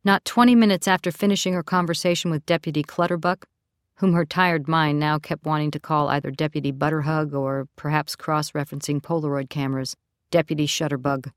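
A woman narrating a novel as an audiobook in a steady, even storytelling manner. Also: sits low, fairly quick, no echo, clean studio sound. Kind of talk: scripted narration.

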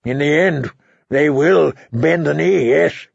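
Tywin, a man doing a cold, gravelly old lord. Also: a little high, no room sound, exaggerated voice. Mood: cold commanding. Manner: measured, authoritative, deliberate. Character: cold, commanding older lord, a grandfather. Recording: dull, dry recording.

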